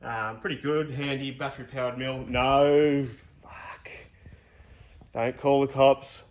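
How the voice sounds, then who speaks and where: A man's voice: medium pitch, flat delivery, takes it slowly. A young Australian man casually talking through his car build in his garage, rambling and joking with the odd swear word. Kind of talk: casual workshop walkthrough.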